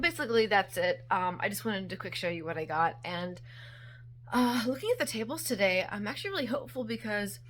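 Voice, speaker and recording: A woman's voice: on the low side, slight background noise. Chatty woman vlogging close to phone. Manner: chatty and rambling, often trailing into soft half-whispers. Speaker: vintage-haul vlogger. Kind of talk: casual show-and-tell vlog. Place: at home. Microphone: phone held close.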